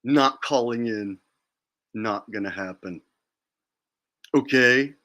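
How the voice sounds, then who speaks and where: A man's voice: medium pitch, takes it slowly, sharp tone, lo-fi sound. A man hosting a livestream, talking in a blunt, defiant and profane way. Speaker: livestream host. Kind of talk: casual livestream rant.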